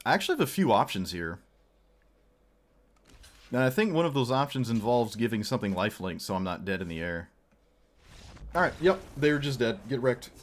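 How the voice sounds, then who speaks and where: A man's voice: mid-range voice, big pitch swings, fairly quick, pauses often. A man streaming a card game, giving playful, joking commentary and talking at his opponent. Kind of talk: casual gameplay commentary.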